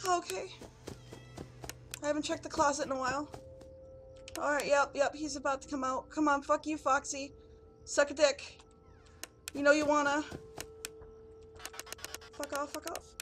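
High-pitched jittery woman swearing at a horror game. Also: fairly even intonation, unhurried, pauses often, music in the background. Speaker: gaming youtuber.

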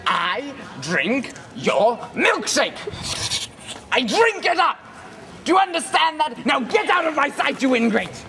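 A young man playing a greedy, contemptuous oil salesman in a student film, pompous and given to furious yelling. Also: extremely high pitch, big pitch swings, moderate pace, reverberant, slight background noise, exaggerated voice. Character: greedy, cruel male oil salesman who bicycles. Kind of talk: amateur student film acting. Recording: background music under the voice.

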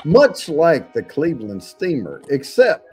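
A man reading aloud and chatting loudly with friends on a casual show. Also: a little high, measured pace, husky, faint music behind. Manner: loud, animated reading aloud. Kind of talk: casual group chat.

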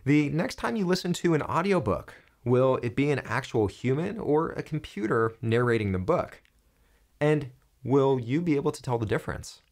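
A young man guiding viewers through a software tutorial. His voice moves lively up and down as he explains each click, with a light, joking touch. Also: mid-range voice, moderate pace. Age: young adult. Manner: upbeat, jokey step-by-step explaining. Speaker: tech tutorial host. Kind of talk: screen-recorded software tutorial.

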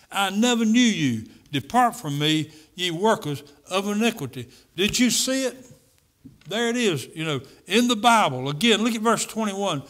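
A man with a notably high voice preaches at a church service. He speaks emphatically and drives his points home by repeating key phrases. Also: a bit bright. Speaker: pastor. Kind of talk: sermon.

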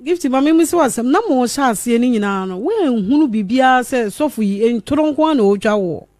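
A woman from Ghana hosting a radio phone-in, softly prompting her caller with short questions. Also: fairly high pitch, animated, fairly quick. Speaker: radio host.

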